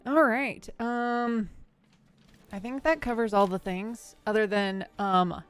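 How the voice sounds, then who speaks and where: A woman game master chatting casually on a live stream, relaxed and rambling with fillers. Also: fairly high pitch, takes it slowly, clear, resonant tone, soft background music.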